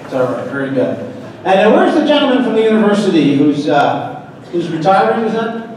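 A man's voice: high voice, very animated, fairly quick, a little mellow, a little hiss or hum. A man emceeing a breakfast event, teasing guests and telling jokes to the crowd. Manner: teasing, jokey, addresses the crowd directly. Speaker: master of ceremonies. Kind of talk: joke-telling emcee patter. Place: large banquet hall at a breakfast event. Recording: echoey hall recording from far off.

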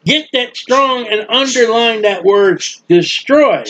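A man preaching a sermon in a folksy, emphatic way, drawling key words slowly and acting out the people he quotes. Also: extremely high pitch, animated, a bit bright. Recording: dull lo-fi sound.

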